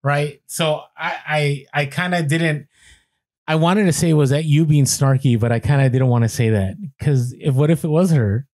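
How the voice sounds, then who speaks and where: A man co-hosting a podcast, telling an animated story with quoted voices and many restarts. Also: a little high, moderate pace, no echo. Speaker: podcast co-host.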